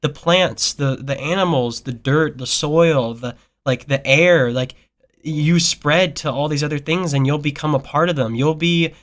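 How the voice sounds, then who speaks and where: A young man with a somewhat high voice, speaking in a relaxed, rambling way. He muses philosophically and fills his sentences with likes and you-knows. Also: unhurried. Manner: dreamy, rambling and philosophical, many fillers. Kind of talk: casual family chat.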